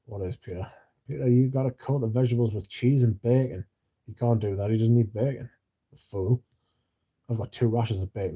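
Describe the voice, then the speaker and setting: A drowsy man rambling through a late-night livestream chat. His voice is very dark and mellow, with a husky edge, and he mumbles now and then as he reads messages aloud. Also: on the low side. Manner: drowsy, yawning, mumbles at times. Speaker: livestream host reading chat.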